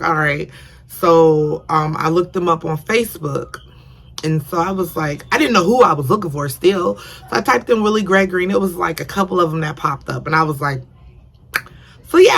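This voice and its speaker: A young woman tells a story to her viewers in a loose, rambling way, circling back and repeating herself. Her voice has a gravelly fry running through it and a bright, forceful ring. She sounds open and earnest, like someone who wears her feelings on her sleeve. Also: on the low side. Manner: emotional and earnest. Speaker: vlogger. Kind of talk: casual storytime.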